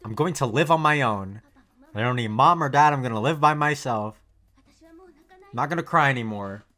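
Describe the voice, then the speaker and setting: A woman's voice: extremely low pitch, normal speed, a bit bright. A woman voicing a proud, lonely teenage girl pilot in an anime dub, speaking in defiant, clipped declarations. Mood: defiant, tearful.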